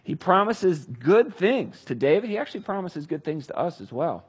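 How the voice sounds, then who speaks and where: A man's voice: fairly high pitch, big pitch swings, normal speed, few pauses, breathy edge. A man preaching a sermon in a conversational style, reading scripture with dramatic emphasis. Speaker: pastor.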